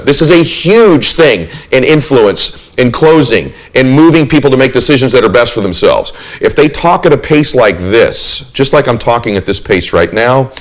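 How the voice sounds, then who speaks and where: A man's voice: medium pitch, rough recording. Middle-aged guy doing a motivational talk, earnest and punchy, plays with his pace and volume. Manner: earnest, emphatic, shifts pace and volume to demonstrate. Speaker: motivational speaker.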